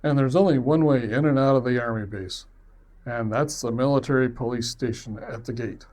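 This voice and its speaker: A man of medium pitch recounting a story from his own life. He rambles along in a loose, conversational way, self-deprecating, with an easy chuckle here and there. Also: normal speed, a little mellow. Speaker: web series producer. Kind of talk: personal storytelling.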